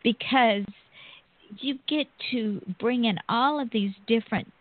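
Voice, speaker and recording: A woman's voice: a little high, unhurried. A woman hosting a radio interview, chatty and drawing her words out. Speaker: radio host. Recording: tinny phone line.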